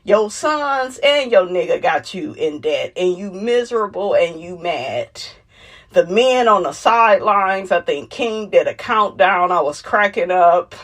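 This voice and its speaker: In this casual reality TV recap, a young woman speaks at a measured pace with a fairly low pitch. Her sassy, lively chat is full of laughter, and she mimics the voices of the cast members she quotes.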